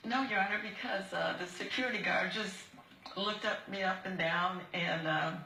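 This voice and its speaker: A woman testifying to a judge as a defendant, speaking earnestly in halting, repeated starts. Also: mid-range voice, gravelly, pushed and bright, slight background noise. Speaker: defendant in a TV courtroom. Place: TV courtroom studio. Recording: roomy courtroom sound.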